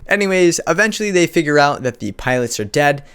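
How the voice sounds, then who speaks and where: A man's voice: a little high, animated, a little fast, a bit bright, smooth, faint music behind. A man hosting a comedic video commentary, sarcastic and incredulous. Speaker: commentary youtuber.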